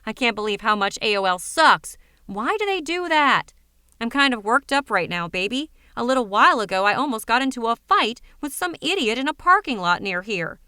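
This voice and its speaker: A woman's voice: a little high, big pitch swings, normal speed, bright, forceful tone, clean tone, no room sound, studio quality. A woman voicing a big, cynical, hot-tempered man who rants indignantly. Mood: angry. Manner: ranting, indignant.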